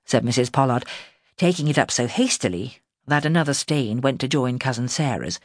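Expressive husky woman narrating an audiobook. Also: rumbling low, no room sound, studio quality. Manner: expressive, measured storytelling. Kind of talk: scripted narration.

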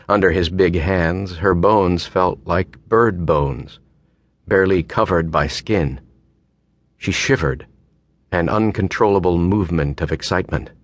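Deep-voiced male audiobook narrator. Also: no room sound. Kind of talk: scripted narration. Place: recording booth. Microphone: close studio mic.

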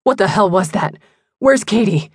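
A woman voicing a distraught young man who yells in disbelief in an audiobook. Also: high voice, lively intonation, moderate pace, no room sound, studio quality. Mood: upset, demanding. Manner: shouting, demanding.

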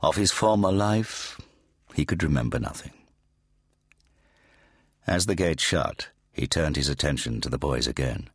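Deep low male narrator, measured and grave, dry close studio sound. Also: breathy edge, no echo. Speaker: audiobook narrator. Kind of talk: scripted narration.

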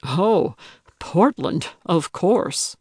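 A woman reading an audiobook, voicing a sardonic, condescending man who speaks deadpan. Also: fairly low pitch, drawn-out words, breathy edge, dry recording, studio quality, full character voice. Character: dry, sardonic grumpy man.

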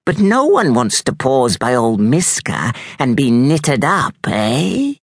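A man's voice: mid-range voice, very animated, takes it slowly, breathy edge, no room sound, studio quality, full character voice. A man voicing a greedy, creased old witch woman with a harsh, grating voice and a mocking, sneering manner.

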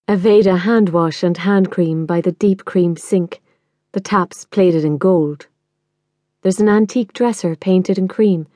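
A woman's voice: fairly low pitch, warm tone, no room sound. Woman narrating a novel. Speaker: audiobook narrator. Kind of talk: first-person novel narration.

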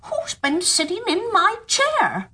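A woman voicing seven little male dwarf miners, kindly and fussy, in high squeaky put-on voices. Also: huge pitch swings, takes it slowly, pushed and bright, full character voice. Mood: indignant.

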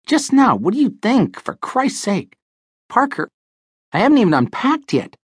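A man's voice: big pitch swings, moderate pace, husky, no echo, studio quality, exaggerated voice. A man doing a rusty-voiced, whiny little crook. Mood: wheedling. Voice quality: rusty, nasal, high. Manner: wheedling and easily offended. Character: wiry, chipper aging male small-time crook, touchy and whiny. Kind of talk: audiobook character voice.

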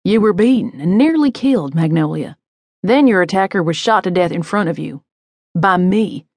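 A woman narrator voicing a calm adult male police detective who presses gently and sounds sympathetic. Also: fairly low pitch, moderate pace, no echo, studio quality. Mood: coaxing.

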